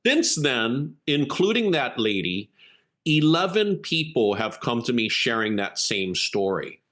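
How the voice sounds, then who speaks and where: Man, executive coach, interview guest, earnest, animated storyteller, medium pitch. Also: a little slow. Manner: earnest, animated storyteller who acts out quotes. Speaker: keynote speaker and executive coach.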